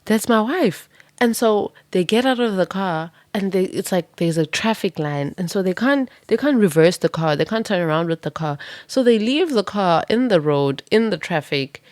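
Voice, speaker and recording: A woman with a low, deep-set voice gives a pick-a-card tarot reading. She spins it into a vivid, dramatic story with casual swearing, and the close, dry sound has no room echo. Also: lively intonation, normal speed, few pauses, darkish tone.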